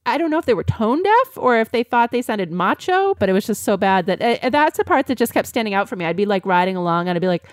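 A woman's voice: a little high, sing-song, fast, few pauses, no room sound, clean studio sound. A woman on a review podcast who swears freely and acts out her exasperated reactions. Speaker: podcast panelist. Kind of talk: casual review chat.

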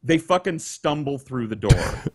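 A man telling a long story on a podcast, animated and profane, acting out the people he quotes, on a video call. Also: mid-range voice, unhurried, slightly rough. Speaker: guest storyteller.

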